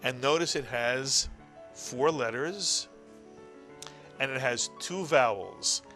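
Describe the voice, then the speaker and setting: A man's voice: medium pitch, slow pace, pushed and bright, faint music behind. A middle-aged man teaching a language lesson, explaining patiently and repeating key words. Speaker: Hebrew teacher. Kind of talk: classroom-style language lesson.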